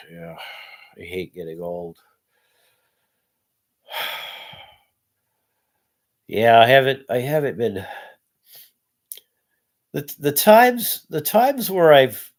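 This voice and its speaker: A man in his sixties talking in a casual vlog monologue, tired and worn out, halting with many restarts and rising into angry rants. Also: medium pitch, animated. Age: 60s. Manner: halting, many restarts, rises to loud ranting. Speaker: vlogger.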